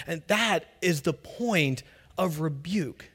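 High-voiced animated male pastor. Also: moderate pace. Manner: animated, conversational, acts out quotes. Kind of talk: sermon.

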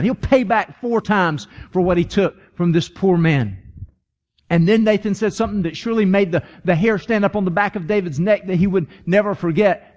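A man's voice: sits high, normal speed, lo-fi sound. A man preaching a sermon, retelling a story with earnest emphasis that rises to urgent appeals. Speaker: pastor.

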